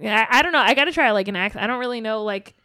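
A woman's voice: fairly high pitch, expressive, very fast, pushed and bright, dry recording, studio quality. A young woman chatting casually as a podcast co-host, rambling and laughing often. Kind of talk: casual chat.

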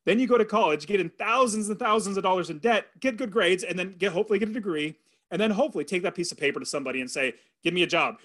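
A middle-aged man who is a podcast guest, telling his life story in an earnest, animated way and acting out his own thoughts aloud. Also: sits high, racing. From California. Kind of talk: storytelling in an interview.

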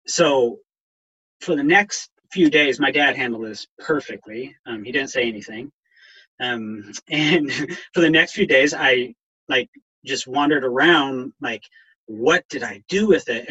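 Middle-aged male guest, husky and bright, halting and emotional personal storytelling. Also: medium pitch, dull audio. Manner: halting, many ums, voice catching with emotion. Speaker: guest, counselor and veteran in recovery.

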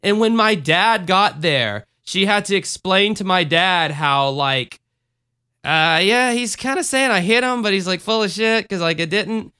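Bright, clear-voiced man rambling casually. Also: sits high, unhurried. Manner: rambling, profane, animated storytelling. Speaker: podcast co-host reviewing a book. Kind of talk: casual chat.

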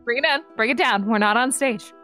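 A woman's voice: fairly high pitch, brisk, bright, forceful tone, faint music behind. A woman playing her character in a tabletop game, soothing and diplomatic, stammering at times. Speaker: player.

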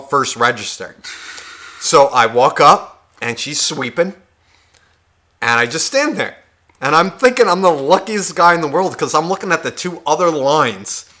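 Casual podcast co-host, male, bright and pushy tone, profane and animated storyteller. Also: a little high. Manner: animated, swears a lot, acts out other people's lines. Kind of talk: casual chat, comic storytelling.

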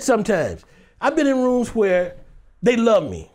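Animated, laughing middle-aged actor. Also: male voice, sits high, unhurried. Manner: animated, laughing, acts out quoted voices. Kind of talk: interview answer, storytelling.

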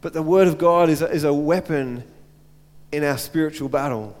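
A man's voice: a little high, normal speed, darkish tone. Earnest male pastor in a reverberant church. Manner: earnest, repeats phrases and asks rhetorical questions. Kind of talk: sermon.

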